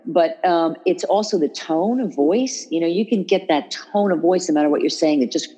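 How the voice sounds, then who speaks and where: A woman hosting a casual podcast chat about caregiving, animated and full of restarts and fillers. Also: on the low side, moderate pace, husky. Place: New York.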